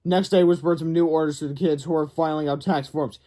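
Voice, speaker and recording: A man's voice: fairly high pitch, fairly even intonation, a little fast, dark tone. A man reading a children's book aloud, stumbling and correcting himself now and then. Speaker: read-aloud narrator.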